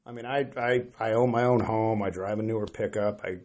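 A man's voice: fairly low pitch, fairly even intonation, brisk, darkish tone. A middle-aged man on a podcast, talking in a rambling, self-deprecating way with lots of hesitant restarts. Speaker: podcast guest. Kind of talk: casual podcast chat.

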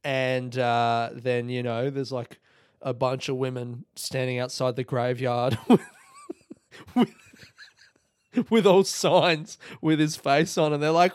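A man spinning a rambling comic story in a dry, close-sounding room. He jumps into the voices of his characters with sudden high-pitched yelps and casual swearing, his voice sitting at a middle pitch the rest of the time. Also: fairly even intonation, moderate pace, clear, resonant tone, dry recording. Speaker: comedian podcast host.

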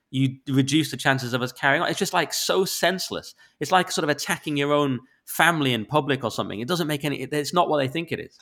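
A man with a Northern English accent, a podcast co-host in casual chat, ranting about listener reviews in an exasperated, sweary way while getting over the flu. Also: on the high side. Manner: sweary, exasperated, animated rants with sudden loud spikes. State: recovering from flu.

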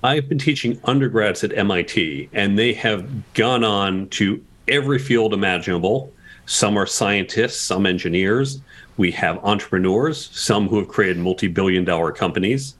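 Man, podcast guest, lowish voice, explanatory, rhetorical questions. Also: moderate pace, a bit bright. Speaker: guest, communication instructor. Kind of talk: podcast interview.

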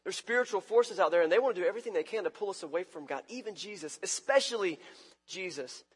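Man, pastor, sermon, high voice, breathy, conversational, reverberant church hall. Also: expressive, fast. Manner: conversational preaching, acts out quoted lines with big swings in loudness.

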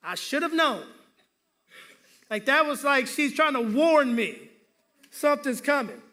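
A man's voice: extremely high pitch, big pitch swings, a little slow, bright, forceful tone. A male pastor preaching a sermon, telling humorous stories and calling for responses from the congregation.

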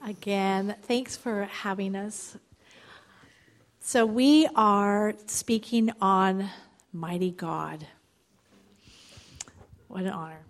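A woman guest speaker at a church gathering, reading scripture and telling a personal faith story in a lively, animated way. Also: medium pitch, very slow, pauses often, a faint crowd. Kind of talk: devotional talk with scripture reading.

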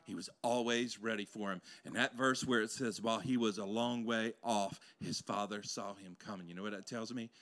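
A man preaching a sermon to a congregation in a church, swinging between loud exclamations and hushed intensity, with playful asides to the crowd. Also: fairly low pitch, steady tone, moderate pace, few pauses. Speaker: pastor. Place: church sanctuary before a congregation.

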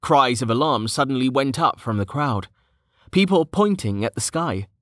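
A man reading a fantasy novel aloud as audiobook narration, in a measured, even manner. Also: mid-range voice, no echo.

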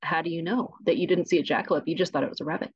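Woman, lowish voice, deadpan tall-tale teller, podcast guest, dull muffled remote line. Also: racing, slightly rough, no echo. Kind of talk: tongue-in-cheek podcast interview.

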